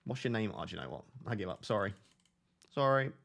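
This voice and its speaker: A man's voice: on the low side, very animated, fast talker, vocal fry, a bit bright. A man hosting a casual fantasy football live stream, reading viewer comments aloud and joking and laughing with them.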